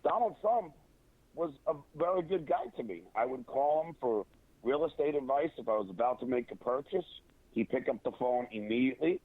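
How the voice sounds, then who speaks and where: A man's voice: medium pitch, animated, husky, dry recording. An opinionated man on a phone call, stumbling through restarts and fillers as he makes his point. The line is thin and tinny, and the sound is dry and close. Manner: halting, many restarts and fillers. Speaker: guest. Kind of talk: casual interview over a phone line.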